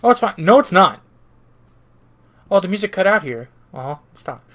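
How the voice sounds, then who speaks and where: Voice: mid-range voice, big pitch swings, moderate pace, fairly bright tone. A streamer reading the part of an awkward, grateful young man down on his luck in a visual novel, dry and self-mocking. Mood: earnest.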